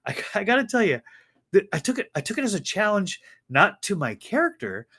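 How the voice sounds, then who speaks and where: A man's voice: sits high, fairly quick. A man co-hosting a casual chat, telling stories animatedly and talking about faith. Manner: animated storytelling with faith talk. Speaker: co-host.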